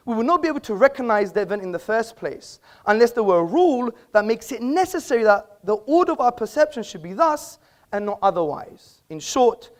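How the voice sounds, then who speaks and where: Man debater on stage, emphatic and rhetorical, live hall speech. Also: sits high. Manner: emphatic, rhetorical, addresses the audience. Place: auditorium with an audience.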